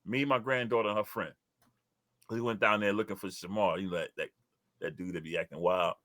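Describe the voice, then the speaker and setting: Older man, from New York, loud storyteller, dry close sound, bright tone. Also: brisk, dry recording. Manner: loud, animated storytelling with sudden high jumps. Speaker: co-host. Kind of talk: casual chat.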